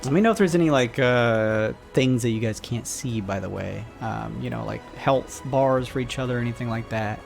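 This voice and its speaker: A man runs a tabletop game from behind the screen, describing scenes and rules in a casual, meandering flow full of little fillers. His voice sits at an ordinary middle pitch. Soft music plays quietly under him. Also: moderate pace, creaky, hardly any pauses. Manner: relaxed, rambling with many fillers. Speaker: game master.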